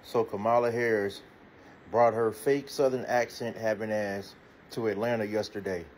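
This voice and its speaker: A man's voice: fairly low pitch, fairly even intonation, normal speed, a little mellow, slight background noise. A man giving an indignant reaction rant, firing off rhetorical questions. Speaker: commentator.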